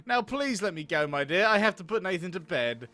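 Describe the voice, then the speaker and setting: A man's voice: high voice, sing-song, brisk, pushed and bright, no echo, heavily acted. A man voicing a weary, harried mother of a newborn in a narrative game, snapping and exasperated. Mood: tender.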